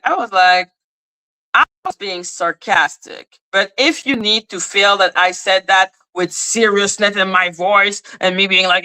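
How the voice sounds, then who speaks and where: On a rough recording, a livestream host answers her chat with a casual rant that's blunt, sarcastic, and combative. Her medium-pitched voice is bright and forceful, with fairly even intonation and an unhurried pace.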